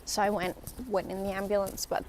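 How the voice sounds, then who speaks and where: Outdoors on a city riverside walk, a young vlogger speaks a little fast in a medium-pitched, darkish voice with a flat delivery. She rambles chattily into her handheld phone and sometimes whispers asides, over slight background noise.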